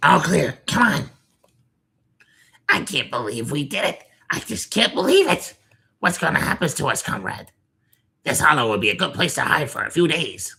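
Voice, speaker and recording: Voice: medium pitch, very animated, moderate pace, vocal fry, pushed and bright, husky, full character voice. Whiny bickering rat creatures. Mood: anxious. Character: squabbling cowardly rat creatures on the run. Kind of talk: video game character dialogue.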